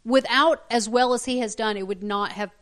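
A woman's voice: a little high, moderate pace, a bit bright. A woman co-hosting a casual recap chat, talking emphatically and swearing for effect. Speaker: podcast co-host.

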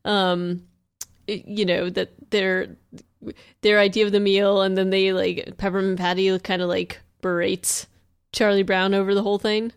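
A woman's voice: mid-range voice, level tone, normal speed, clear, resonant tone, no echo, clean studio sound. A woman co-host chatting casually on a podcast, with many fillers and easy laughter. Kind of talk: casual chat.

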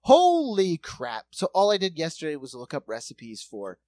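Brief: chatty man co-host, lively storyteller, swears often, close dry mic. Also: a little high, a little fast, no room sound. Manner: animated, swearing, acts out quoted voices. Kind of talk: casual storytelling chat.

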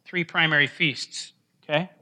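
A man's voice: fairly high pitch, fairly even intonation, measured pace, pushed and bright. A man teaching an informal Bible study class in a church room, talking conversationally, often asking the group questions and restarting his phrases.

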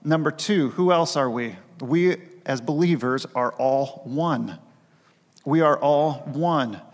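A man's voice: on the high side, slow pace. Man preaching in a reverberant church. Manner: earnest preaching, repeating key phrases for emphasis. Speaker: pastor. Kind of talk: sermon. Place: church sanctuary.

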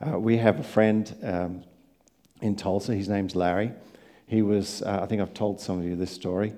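Guy preaching a sermon, tells stories, warm darkish voice, gets loud then soft. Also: on the low side, fairly even intonation, normal speed. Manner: storytelling, swings from quiet to loud. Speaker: pastor.

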